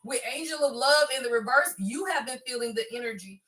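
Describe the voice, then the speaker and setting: A middle-aged woman gives a chatty, casual tarot reading. Her high voice goes from soft musing to excited bursts, and it sounds bright. She sits a little back from the mic. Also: a little fast, distant mic. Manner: chatty, keeps saying "y'all", swings between soft and excited. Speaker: tarot reader. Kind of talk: casual spiritual card reading.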